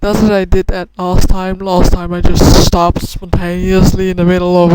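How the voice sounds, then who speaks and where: A woman's voice: fairly low pitch, level tone, normal speed, very noisy. A woman who is a native Dutch speaker and has a cold rambles casually, trying out a Scottish accent and correcting herself often. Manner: rambling, self-correcting, many fillers. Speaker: club member vlogger.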